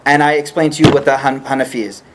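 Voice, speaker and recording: A man's voice: medium pitch, fairly even intonation, fast talker, very noisy. A man teaching an informal religious study class, explaining patiently and checking often that the group follows.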